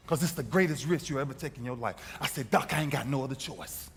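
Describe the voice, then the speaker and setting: A man's voice: on the high side, animated, fast, few pauses. A man giving a motivational speech, telling a dramatic story with emphatic, repeated phrases. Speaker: motivational speaker. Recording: reverberant hall with faint music.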